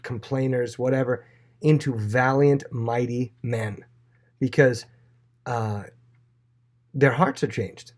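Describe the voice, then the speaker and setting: A man leads a casual Bible class in an everyday, mid-pitched voice. He talks in a chatty, rambling way, with fillers, and now and then acts out the people in the story in playful voices. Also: darkish tone.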